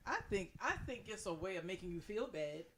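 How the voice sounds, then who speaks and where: A woman's voice: medium pitch, brisk. A woman co-hosting a podcast in casual chat, telling stories with lots of swearing and acting out what other people said. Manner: animated storytelling, acts out voices, swears freely. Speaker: podcast co-host.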